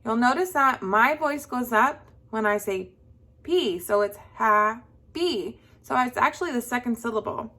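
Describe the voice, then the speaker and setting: In a slow, patient lesson for young kids, a young woman with a sharp, higher-pitched voice speaks at a normal speed. She stretches words into a sing-song for the children to repeat.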